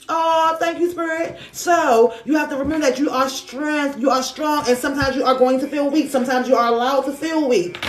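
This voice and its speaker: A woman's voice: sits high, a little mellow, reverberant. A woman reading tarot on a live stream, affirming and repeating herself in casual, slangy talk. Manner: affirming, repetitive, chatty with slang. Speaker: spiritual reader on a live stream. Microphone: phone on a live stream.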